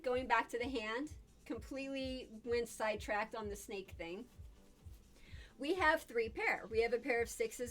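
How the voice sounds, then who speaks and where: A woman hosting a casual live stream, chatting with viewers, reading their comments aloud and answering them, and laughing often as she tells stories. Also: on the high side. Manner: laughs often, lively when telling stories. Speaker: live-stream host teaching casino games.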